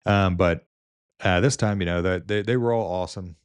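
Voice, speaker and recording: Man, nurse, casual storytelling, rambling with fillers, very low voice, dry close sound. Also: fairly quick, clean tone, dry recording. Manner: rambling, with many fillers and restarts. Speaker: nurse and video host.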